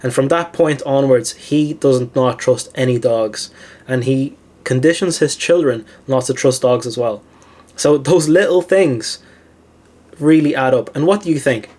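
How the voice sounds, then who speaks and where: A man's voice: mid-range voice, measured pace, darkish tone. Chatty man telling a personal story. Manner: chatty, many "like" fillers, laughs at own stories. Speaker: philosophy channel host. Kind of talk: casual storytelling monologue.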